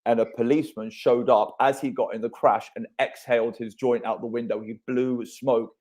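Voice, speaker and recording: A man's voice: mid-range voice, fairly even intonation, normal speed, a little mellow. A man in his thirties hosting a casual podcast chat, telling stories animatedly and swearing freely.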